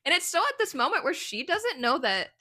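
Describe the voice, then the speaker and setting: A woman's voice: very high voice, big pitch swings, pushed and bright. A young woman co-hosting a book podcast, chatting casually, laughing often and acting out characters' lines. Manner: bubbly, quick to laugh and act out lines. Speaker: podcast co-host.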